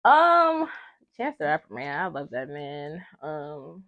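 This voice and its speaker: Animated young Atlanta woman telling stories. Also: low-pitched, slow pace, narrow, tinny audio. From Atlanta, Georgia. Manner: animated, acts out family members' voices. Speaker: guest. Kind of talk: casual storytelling.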